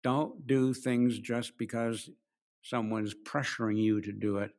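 A man preaching an expository sermon with a voice that sits at an everyday middle pitch. He works through a passage line by line, slowing down to press home the key phrases. He acts out the quoted lines with small shifts of voice. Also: fairly even intonation, a little mellow. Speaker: pastor.

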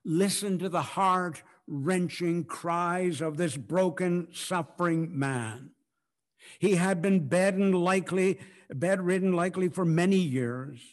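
A male preacher delivering a sermon in a fairly high voice. He speaks slowly and deliberately. His delivery swings between hushed, drawn-out lines and loud, ringing outbursts as he acts out scripture. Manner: dramatic swings from hushed to loud, acting out quotes.

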